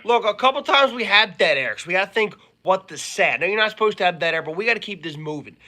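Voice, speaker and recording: A young man co-hosting a casual podcast, animated and doing impressions. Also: high-pitched, fast. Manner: animated, does voices and shouts. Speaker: podcast co-host. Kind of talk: casual chat.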